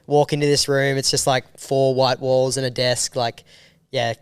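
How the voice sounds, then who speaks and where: A man in his podcast guest spot, telling a travel story in an animated way and acting out the people in it. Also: mid-range voice, moderate pace, smooth, no room sound. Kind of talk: casual storytelling.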